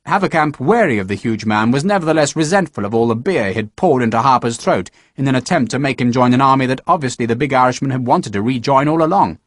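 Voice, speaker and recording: Male audiobook narrator, lively pitch, dry close sound. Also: quick pace, few pauses, no room sound.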